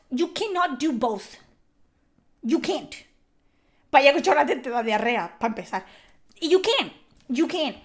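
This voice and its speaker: Exasperated Spanish-accented woman streamer. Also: high-pitched. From Spain. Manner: animated, emphatic and exasperated, swears freely. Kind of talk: game reaction commentary.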